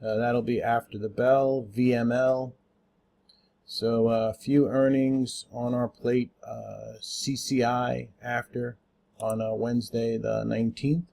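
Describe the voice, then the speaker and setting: Give me a man with a medium-pitched voice doing a relaxed, unscripted stock market rundown, spelling tickers out with lots of fillers. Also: slow pace, creaky. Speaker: stock market watchlist host.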